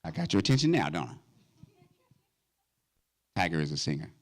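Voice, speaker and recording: A man in his fifties performing a stand-up comedy routine at a gala, animated and breaking into high falsetto song snippets. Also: brisk. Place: event stage before a live audience.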